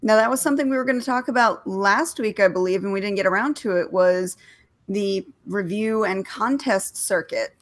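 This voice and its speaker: A woman from Texas co-hosts a relaxed writers' show in a mid-range voice. She sounds upbeat and eager, quick to agree and jump in with her own stories. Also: medium pitch. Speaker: co-host. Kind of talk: casual chat.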